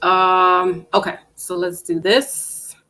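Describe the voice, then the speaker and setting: A woman hosting a casual live-stream panel, chatting loosely with plenty of fillers and restarts and getting animated when she tells a story. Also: on the low side, slow pace, rough recording. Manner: animated when telling stories.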